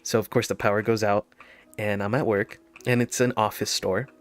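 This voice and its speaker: A man's voice: on the low side, little pitch movement, normal speed. A man telling a casual story over gameplay, laughing often and restarting his sentences.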